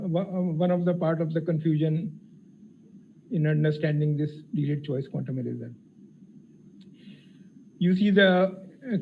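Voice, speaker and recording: A man giving a technical physics lecture, explaining carefully with frequent pauses and fillers. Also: high-pitched, warm tone. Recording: tinny phone-like lecture audio with faint hiss.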